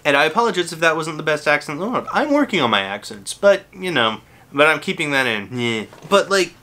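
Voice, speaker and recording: A man delivers a casual video review of a film he can't stand, sarcastic and quick to swear. His voice sits a little high and comes across bright and tense. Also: big pitch swings. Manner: exasperated, profane, sarcastic. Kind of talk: casual ranting movie review.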